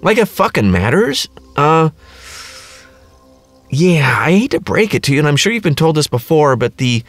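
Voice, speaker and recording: This middle-aged podcast host has a voice on the high side, a bit bright, with lively intonation, normal speed, and frequent pauses. He rants casually in a crass, sarcastic, rambling comedic style over a dry recording with faint music behind.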